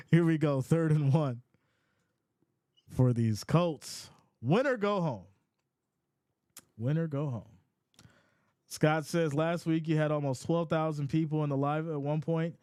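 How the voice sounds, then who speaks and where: A man hosting a casual live sports reaction stream, reading chat comments aloud in a playful, animated way. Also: mid-range voice, no echo, clean studio sound. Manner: animated and playful, often laughs.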